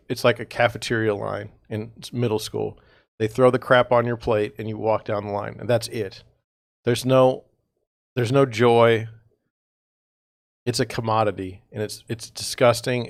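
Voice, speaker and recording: A man's voice: mid-range voice, fairly even intonation, unhurried, creaky, no echo, studio quality. A man hosting a real estate livestream, talking in a rambling, exasperated way with sarcastic asides, sounding tired. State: tired, yawning. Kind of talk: casual livestream monologue.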